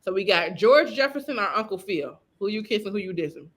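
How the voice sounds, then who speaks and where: A woman's voice: medium pitch, expressive, brisk, a bit bright. A woman hosting a comedy podcast in casual chat, playful and slangy, with cackling laughs. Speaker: podcast host.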